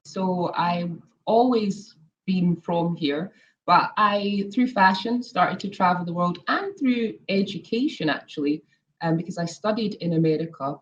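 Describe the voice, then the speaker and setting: A woman's voice: lowish voice, a little slow. Chatty Scottish woman, Edinburgh accent. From Scotland. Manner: chatty, laughs often, many ums. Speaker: guest, former model. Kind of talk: casual interview. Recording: dull lo-fi audio.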